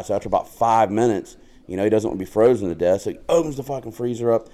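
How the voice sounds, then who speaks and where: A man with a fairly low voice chats on a casual podcast. He jokes crudely, laughs easily and tells stories in loose banter. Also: quick pace, warm tone. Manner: joking, crude, laughs often. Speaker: podcast co-host.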